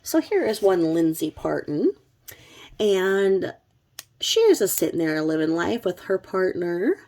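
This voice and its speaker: Gravelly, low-voiced woman telling true crime. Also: sing-song, measured pace, warm tone. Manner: chatty, sarcastic, with blunt asides. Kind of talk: casual vlog narration.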